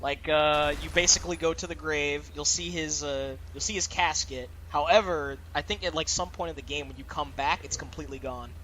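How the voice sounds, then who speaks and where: A man's voice: a little high, fairly quick, hardly any pauses, pushed and bright, slight background noise. A young man hosting a let's play, chatting casually and laughing often as he plays. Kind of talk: casual gameplay commentary.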